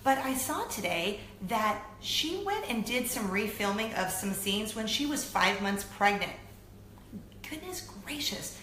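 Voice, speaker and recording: A woman in her thirties hosting a weekly web show, chatting casually to camera in an animated, self-deprecating way. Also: medium pitch, unhurried, few pauses. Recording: echoey room with faint noise.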